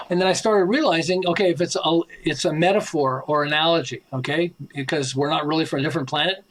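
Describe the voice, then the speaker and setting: A man with a high, light voice tells stories as a podcast guest. He is animated and slips into the voices of the people he quotes, often chuckling. The delivery is an author's conversational storytelling. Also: moderate pace, rough recording. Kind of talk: anecdotal interview storytelling.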